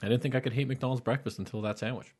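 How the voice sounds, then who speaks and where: A man's voice: medium pitch, fairly even intonation, rapid-fire, darkish tone, breathy edge. A man co-hosting a casual podcast, arguing points and telling stories. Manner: chatty, argumentative, tells stories. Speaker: podcast co-host. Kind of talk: casual chat.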